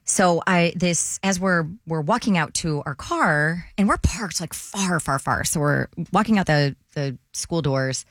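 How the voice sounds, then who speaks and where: A woman co-hosting a morning radio show, telling a lively story and acting out the voices of the people in it. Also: low voice, a little slow, few pauses, no room sound, clean studio sound. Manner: animated storytelling, acts out quotes. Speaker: radio co-host.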